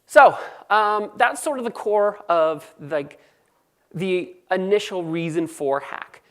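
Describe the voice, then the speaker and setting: A woman with a Californian accent giving a quick, joking technical conference talk. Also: on the low side. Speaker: conference speaker.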